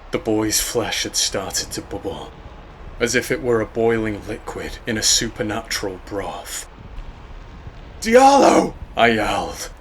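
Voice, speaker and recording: A man reading a scripted horror story in a measured, grave way. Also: fairly low pitch, fairly bright tone, a little hiss or hum. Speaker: narrator.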